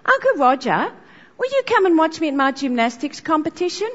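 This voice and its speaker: A woman's voice: high-pitched, very animated, fairly quick, a bit bright, in a large hall, lo-fi sound, voice pushed up. Woman doing an eager four-year-old boy. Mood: pleading.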